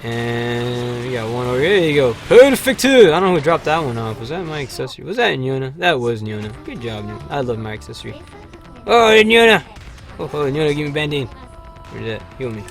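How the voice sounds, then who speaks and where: A man hosting a livestream, chatting casually over gameplay with lots of fillers and sudden excited shouts. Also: mid-range voice, brisk, faint music behind. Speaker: livestream host.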